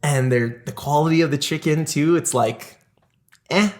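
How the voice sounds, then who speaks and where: A man's voice: fairly high pitch, normal speed. A man chatting casually on a podcast, telling rambling stories full of "like" and restarts. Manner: rambling storyteller, frequent "like" and restarts. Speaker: podcast host.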